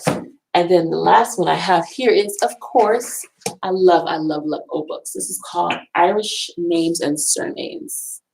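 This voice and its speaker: A woman's voice: lowish voice, measured pace, creaky, a little mellow, a little hiss or hum, poor audio. A woman vlogging casually from a college library, rambling and repeating herself as she shows off books. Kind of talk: casual talk showing books.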